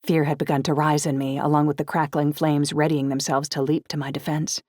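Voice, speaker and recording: Low-voiced woman narrating an audiobook. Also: flat delivery, brisk, darkish tone, no echo, clean studio sound. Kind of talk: first-person audiobook narration.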